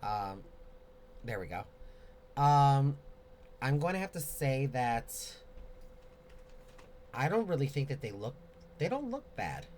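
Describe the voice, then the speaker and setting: A man with a mid-range voice hosts a casual live Q&A, answering viewer questions in a rambling, openly expressive way. A faint hiss of background noise sits under his speech. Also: medium pitch, slow, long pauses.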